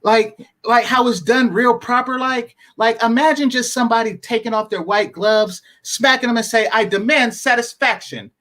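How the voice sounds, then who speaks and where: A man running a reaction stream, laughing and mocking what he watches with sarcastic glee. His voice sits high and has a bright, sharp edge. He talks in a loose, chatty way. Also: fairly even intonation, moderate pace, hardly any pauses. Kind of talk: mocking live commentary.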